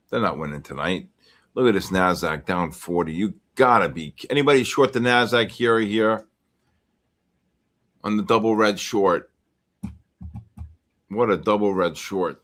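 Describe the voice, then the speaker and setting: A man hosting a live futures trading stream, commenting casually and excitedly on the market. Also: low-pitched, unhurried, pauses often. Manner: excitable, exclaiming and talking to himself over charts. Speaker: livestream trading host.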